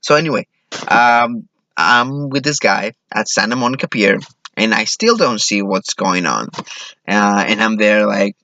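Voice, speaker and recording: Slow, bright-voiced man telling a story. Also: lowish voice, no room sound. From Mexico. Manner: self-deprecating, acts out quoted voices. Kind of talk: live personal storytelling. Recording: dull, lo-fi sound.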